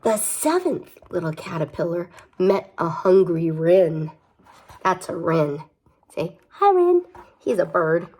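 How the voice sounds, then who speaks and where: A woman's voice: fairly low pitch, takes it slowly, a little mellow, breathy edge. A young woman reading a picture book aloud to children, chatty, with playful asides and questions. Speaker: storybook reader.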